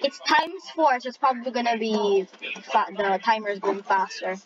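A female gamer giving excitable live commentary on a race, with shrieking exclamations and jokey trash talk. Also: fairly high pitch, normal speed, muffled recording.

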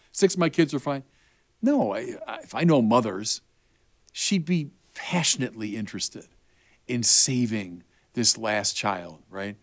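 Casting: a lively, expressive man with a Chicago accent, a bishop patiently explaining to kids. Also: mid-range voice. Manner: animated and emphatic, with rising bursts. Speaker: bishop answering children's questions. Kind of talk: explaining faith to kids, conversational.

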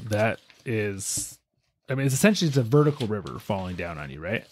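A man's voice: on the low side, fairly quick, slight background noise. Man telling a story on a podcast. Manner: relaxed storyteller, many fillers and asides. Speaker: podcast host. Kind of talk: casual storytelling chat.

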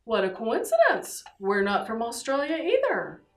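A woman's voice: a little high, wildly swooping pitch, normal speed, over loud music. A woman playing a curious lady traveller who chats and flirts. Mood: chatty.

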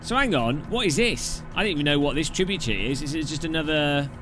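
A man's voice: on the high side, lively intonation, fast talker. A man casually chatting and joking while live-streaming a game, swearing now and then. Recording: clear background music. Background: background music.

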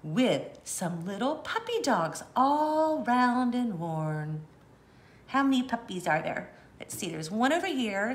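A woman reads a farm picture book aloud for small children. Her voice swoops widely in pitch while she keeps an unhurried pace. She stops often to invite the listener to find things and count them. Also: vocal fry, a little hiss or hum. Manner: gentle, animated, asks the listener to count along. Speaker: children's storyteller. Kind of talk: read-aloud for kids.

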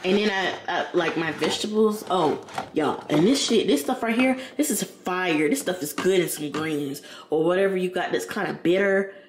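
A woman's voice: fairly low pitch, moderate pace. Woman, casual vlog chatter, slangy, home kitchen, background noise. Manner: chatty, rambling, slangy, addresses viewers as y'all and girl. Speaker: vlogger. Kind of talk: casual chat to camera. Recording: echoey room with background noise.

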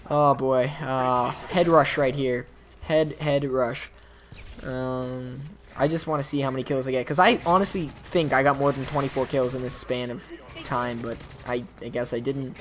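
A man's voice: medium pitch, normal speed, fairly bright tone. A man giving casual, rambling gameplay commentary, talking straight to his viewers. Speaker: YouTube gamer.

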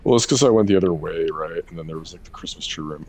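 A man's voice: low-pitched, racing, hardly any pauses, a little mellow. A man streaming a horror game, joking, swearing and reading on-screen text aloud. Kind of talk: let's-play commentary.

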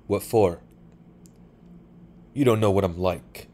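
A man's voice: deep voice, slow pace, warm tone. A man voicing a tall, weary young soldier who answers in short, clipped replies. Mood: curt.

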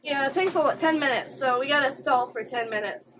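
A woman's voice: sits high, a little fast, hardly any pauses, slight background noise, rough recording. A woman hosting an anime reaction video, exclaiming and gasping as she watches. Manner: expressive, exclaiming and gasping at the screen. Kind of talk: live reaction commentary.

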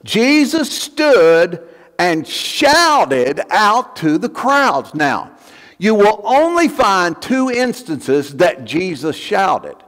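A man's voice: high voice, big pitch swings, extremely slow, fairly bright tone. A male pastor preaching a fervent sermon, building emphasis through repeated phrases. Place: church sanctuary. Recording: long church hall reverb.

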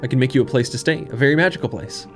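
A man's voice: mid-range voice, racing, faint music behind, natural voice. A man voicing a pompous old male wizard in a game, speaking in a grand, theatrical way. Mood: solemn.

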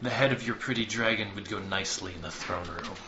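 A man's voice: on the low side, quick pace, lightly acted. A man voicing an arrogant, sexist male envoy in a tabletop game, delivering contemptuous ultimatums in a put-on Russian-sounding accent. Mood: threatening. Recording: echoey room, dull lo-fi sound, faint hiss.

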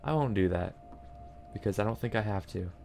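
A man's voice: on the low side, lively intonation, a little fast, vocal fry, mellow, slight background noise. Joking man talking over a game. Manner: joking, talks to the character on screen. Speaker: gaming channel host. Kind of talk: casual let's-play commentary. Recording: game music playing behind.

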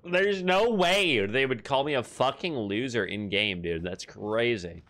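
Male streamer, casual profane gameplay commentary into a desk mic, mid pitch. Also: lively intonation, measured pace, a bit bright. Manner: profane, jokey, talks to chat. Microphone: desk microphone.

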